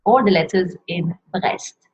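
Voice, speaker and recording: A woman teaching how to pronounce pastry names in a slow, careful lesson, saying each word and repeating it. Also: lowish voice. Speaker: French teacher. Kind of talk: pronunciation lesson. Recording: dull lo-fi sound.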